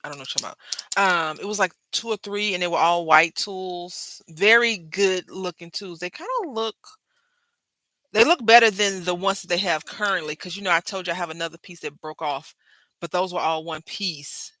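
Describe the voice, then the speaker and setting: Her voice is lowish, pushed and bright, moving at a moderate pace in a recording free of room sound. This crafting-channel host chats to viewers and chat as she works at her desk, laughing frequently.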